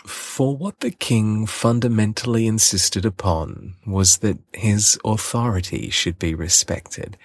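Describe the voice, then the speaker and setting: A man reading a classic storybook aloud in a gentle, deliberate way. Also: fairly low pitch, no room sound. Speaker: audiobook reader.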